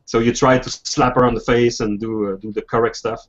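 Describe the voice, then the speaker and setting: A man's voice: medium pitch, little pitch movement, a crowd in the background. Man running a tabletop game, lo-fi sound. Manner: halting, many restarts and fillers. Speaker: game master. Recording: dull lo-fi voice chat audio.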